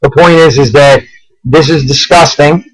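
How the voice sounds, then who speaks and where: Male vlogger from New Jersey, fiery pleading rant, slightly high voice, radio-like lo-fi sound. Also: steady tone, moderate pace, dry recording. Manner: urgent, pleading, repeatedly begging viewers. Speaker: host of own web show. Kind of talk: impassioned political vlog rant.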